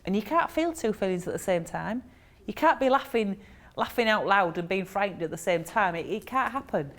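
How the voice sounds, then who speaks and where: A woman's voice: medium pitch, lively intonation, a little fast, fairly bright tone. A woman, a therapist giving a chatty storytelling talk to an audience, with frequent ums.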